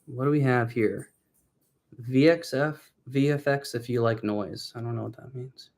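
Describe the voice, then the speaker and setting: A young man chats loosely on a livestream, easygoing and a bit scattered as he wanders from topic to topic. His voice sits in an ordinary middle pitch. He is recorded on a phone or camera he carries around a home garage. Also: fairly even intonation, normal speed, darkish tone. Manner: rambling, easygoing, talks to viewers and pets. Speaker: car vlogger hosting a livestream. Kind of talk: casual livestream chat.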